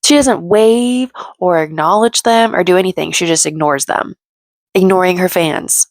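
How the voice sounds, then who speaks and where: A woman talks through a reality show episode as a casual recap host, chatty and opinionated, acting out the quotes as she goes. Her voice sits a little low and carries a gravelly fry. The sound is dry and close, with no room around it. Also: moderate pace, no room sound.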